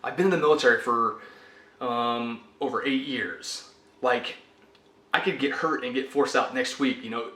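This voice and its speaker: A man's voice: mid-range voice, moderate pace, sharp tone. A young American man in the military ranting about his frustrations in a personal vlog, exasperated and fed up. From United States. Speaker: vlogger. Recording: echoey room.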